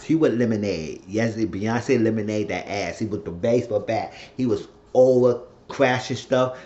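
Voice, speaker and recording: A man talks through a TV episode in a loose, excitable way, acting out each scene as quoted lines and throwing in profane asides. His voice sits at a middle pitch. The recording sounds dull and lo-fi. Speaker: TV episode recapper. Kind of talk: casual TV episode recap.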